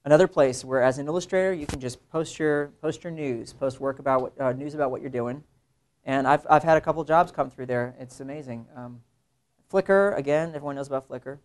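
A young adult man who works as an illustrator gives students a relaxed classroom talk. His medium-pitched delivery is conversational and lively, and he switches into imitated voices whenever he quotes someone on the side.

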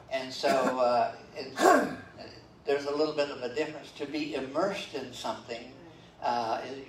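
An older man preaches a sermon as pastor in a church sanctuary, talking conversationally with lots of fillers and "okay?" check-ins. His voice is mid-range, and the roomy, distant church livestream carries slight background noise.

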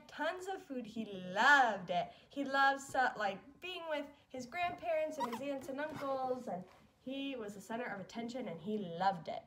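A woman's voice: a little high, slight background noise. A young woman vlogging as a mom, chatting fondly and casually with lots of fillers. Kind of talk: casual chat.

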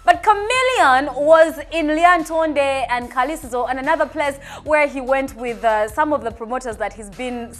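A Ugandan woman hosting a TV gossip show, chatty and teasing, laughing often as she talks. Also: high-pitched. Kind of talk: lively entertainment news chat. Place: TV studio.

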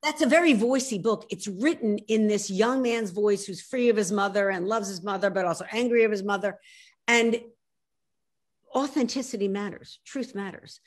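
Appearing as an author on a video call interview, a woman in her sixties from Philadelphia talks with a Philly accent. Her mid-range voice moves at a normal speed, and she is animated and emphatic, frequently restarting her sentences.

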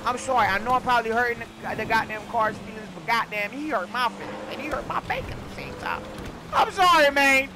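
A man doing comedic game commentary, loud and theatrical, swinging between mock grief and yelling. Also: high-pitched, lively intonation, quick pace, few pauses. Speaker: gaming YouTuber. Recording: background noise under the voice.

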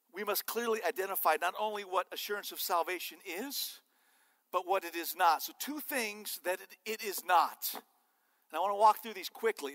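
A male preacher delivers an animated sermon, cracking jokes as he teaches. His voice sits high and sounds bright and forceful. The sound rings with the long reverb of a church hall. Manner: animated and joking. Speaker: pastor. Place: church sanctuary.

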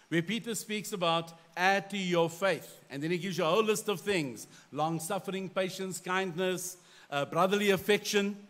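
Pastor guy, middle-aged, highish voice, telling a story on himself, lively and self-mocking. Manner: animated storyteller, self-deprecating. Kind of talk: storytelling in a sermon.

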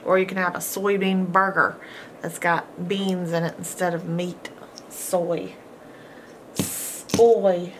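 In a lowish voice with flat delivery, a woman teaches a homeschool phonics lesson extremely slowly, stretching and repeating every sound. Between words she warmly praises the listener, while a faint hiss runs in the background.

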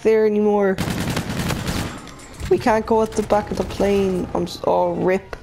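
A man with a gaming channel commentating live over a shooter match, excitable and swearing as he reacts. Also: high-pitched, normal speed, creaky, long pauses, background noise. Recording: game gunfire under the voice. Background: gunfire and explosions from the game.

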